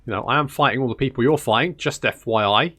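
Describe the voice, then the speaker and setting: A man's voice: mid-range voice, fast talker, a bit bright. A man commentating a strategy game in casual let's-play style, sarcastic and swearing as he grumbles at the game. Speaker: gaming YouTuber.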